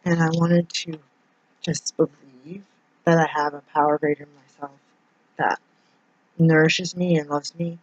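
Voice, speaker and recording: A woman's voice: deep voice, flat delivery, a little slow, pauses often, no room sound. A woman talking through a personal confessional monologue as a vlogger. She rambles and hesitates, restarting her sentences often. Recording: dull, dry lo-fi recording.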